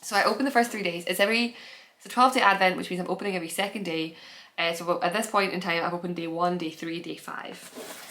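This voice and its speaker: A woman's voice: fairly low pitch, fairly even intonation, fast, a bit bright. A woman hosting her own podcast, chatting casually on camera at home with gushing enthusiasm and lots of trailing restarts. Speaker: podcast host. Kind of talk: casual chat.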